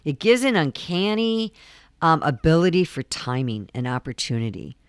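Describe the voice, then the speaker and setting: A woman's voice: deep voice, sing-song, moderate pace, clear, resonant tone, dry recording, clean studio sound. A woman astrologer talking through a full moon forecast in a casual, earnest way, often repeating her key points between ums.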